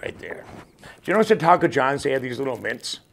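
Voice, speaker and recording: A man hosting a comedy rant show, telling jokes with a loud, punchy delivery. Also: mid-range voice, very animated, quick pace, creaky.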